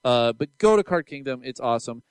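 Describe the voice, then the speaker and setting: A man's voice: mid-range voice, animated, fairly quick, clean tone, no room sound. A man co-hosting a podcast, chatting enthusiastically and rambling with plenty of fillers and restarts. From Seattle area. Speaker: podcast co-host. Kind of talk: casual podcast chat.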